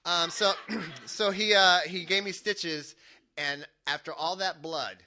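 A man telling a lively personal story to an audience, chuckling as he goes. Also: sits high, takes it slowly, a little hiss or hum. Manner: animated, chuckling through his own story.

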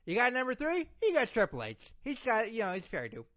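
A man doing a lisping wrestling heel who thinks he is the darkest villain alive. His voice sits high and bright, and it swoops all over as he brags and bosses people around. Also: huge pitch swings, fairly quick, exaggerated voice. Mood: boastful. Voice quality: lisp. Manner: pompous, bossy, rambling. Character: boastful male pro-wrestling villain, self-proclaimed darkest. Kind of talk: comedic impression sketch.

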